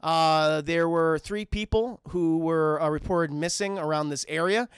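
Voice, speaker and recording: A man doing a plodding, halting detective. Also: a little high, smooth, dry recording, clean studio sound, voice pushed down, lightly acted. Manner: halting, slow, full of "uh" fillers. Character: hesitant, plodding male police detective.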